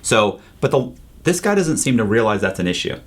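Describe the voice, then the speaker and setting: A man being interviewed, telling his story in a casual, animated way, acting out what others said and swearing freely. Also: lowish voice, fairly quick. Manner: animated, profane storytelling, acts out quoted voices, says "bro". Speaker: interview guest, former con man.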